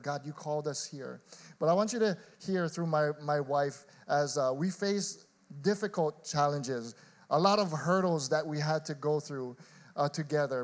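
A male pastor preaching in an earnest, halting way and sharing his own struggles. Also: fairly high pitch. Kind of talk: sermon.

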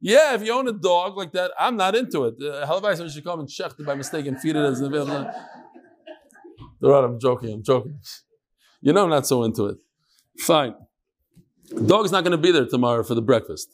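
A man with a somewhat high voice leads an informal Talmud class. He talks in a chatty, loose way and drops joking asides. He mixes Hebrew and Yiddish terms into his English. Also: expressive, fast. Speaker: Talmud teacher. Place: room with a small class.

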